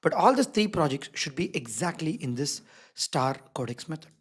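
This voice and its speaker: A man's voice: a little high, big pitch swings, moderate pace, slightly rough. A man teaching a live online design workshop, stressing key words and checking in with the audience again and again. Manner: emphatic, repeats key words. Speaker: design instructor.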